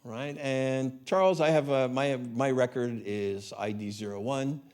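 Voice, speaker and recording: A man's voice: medium pitch, a little slow, a little mellow, clean tone. Conversational man giving a talk. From Canada. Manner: conversational, many tag questions. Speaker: conference speaker. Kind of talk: conference talk. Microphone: handheld mic, hot gain.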